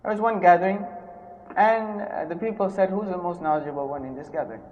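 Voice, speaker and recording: A man giving a sermon, telling stories with loud emphatic rises and sudden soft drops. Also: sits high, quick pace. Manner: mixes in Hindi/Urdu phrases. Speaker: preacher. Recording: dull sound with long hall reverb.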